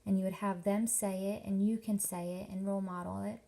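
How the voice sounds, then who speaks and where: A young woman teacher giving a workshop presentation to parents, explaining slowly and carefully with lots of examples. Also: mid-range voice, little pitch movement, vocal fry, mellow. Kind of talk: instructional presentation.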